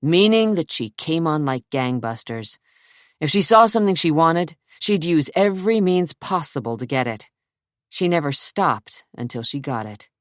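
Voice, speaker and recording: A woman's voice: sits low, big pitch swings, normal speed, no echo, studio quality. A woman reading an audiobook, voicing a brooding young man who speaks in curt, bitter, sarcastic bursts.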